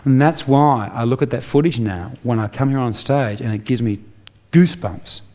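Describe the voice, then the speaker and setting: A man's voice: medium pitch, moderate pace, mellow. An Australian man giving an emphatic motivational speech on stage, full of rhetorical questions. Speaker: inspirational speaker.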